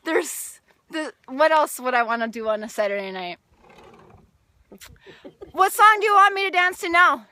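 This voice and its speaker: A woman chatting casually in a vlog, out of breath after dancing, giggly and excitable, laughing between lines. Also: high-pitched, normal speed, pauses often. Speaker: vlogger and dancer.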